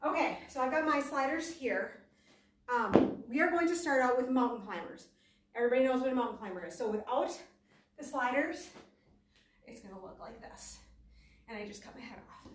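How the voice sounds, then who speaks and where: This high-pitched woman keeps a moderate pace, and a little hiss or hum sits under her voice. As a fitness instructor leading a class, she chats and jokes about herself mid-exercise, sometimes out of breath. The room echoes and she's captured from a distance.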